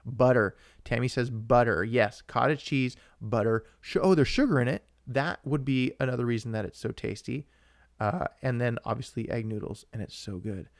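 Young male podcast co-host, excitable rambler, mid-pitched, dry close sound. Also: normal speed, vocal fry, no echo. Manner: rambling and excitable, with frequent restarts and asides to viewers. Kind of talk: casual live-stream chat.

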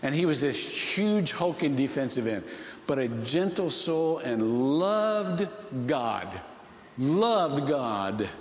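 A man's voice: a little high, sing-song, slow, echoey room, long reverb tail. A man from Ohio preaching a sermon, telling a story with many restarts and rising emotional swells. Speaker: pastor.

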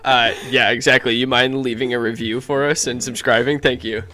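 A young man co-hosts a casual chat podcast. His voice sits at a middle pitch, and he keeps the talk playful, teasing his friends as he goes. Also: level tone, pushed and bright. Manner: joking, playful, quick to laugh. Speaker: podcast co-host.

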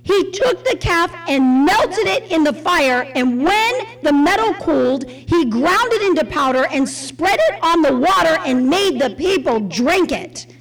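A woman leads a Bible study with a high voice that leaps up and down. She teaches in an expressive, conversational way and puts questions to her listeners. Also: measured pace, few pauses, rough recording.

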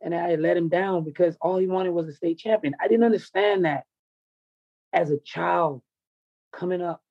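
A man's voice: high voice, steady tone, moderate pace, dry recording, lo-fi sound. A man who coaches wrestling tells a raw personal story in an interview, intense, confessional and full of swearing.

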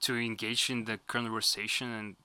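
A man with a Russian accent speaking English as a second language, animated and swearing casually in chat. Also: on the low side, normal speed, smooth, no room sound, clean studio sound.

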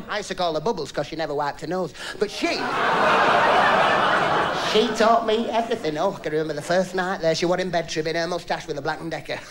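A man doing a stand-up comedy routine, telling jokes in broad dialect and acting out the lines of the people in them. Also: a little high. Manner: broad dialect storytelling, acts out characters' lines. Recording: live club recording, loud crowd laughter and noise.

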